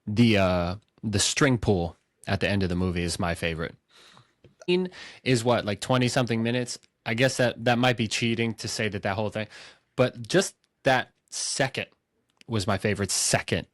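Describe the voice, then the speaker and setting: A man hosting a casual movie podcast, telling stories in an excitable, animated way. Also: on the low side, dry recording, clean studio sound. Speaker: podcast host.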